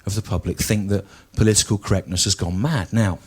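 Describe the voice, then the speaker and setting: A man in his forties from the English Midlands, performing stand-up comedy in a dry, deliberate way with frequent repetition. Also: on the low side, steady tone, breathy edge. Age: 40s.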